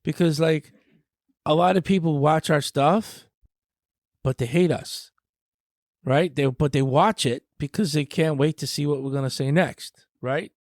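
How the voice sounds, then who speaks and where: Podcast dude teasing his buddies, highish voice, dry mic. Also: measured pace, darkish tone, dry recording. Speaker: podcast co-host. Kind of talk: casual chat.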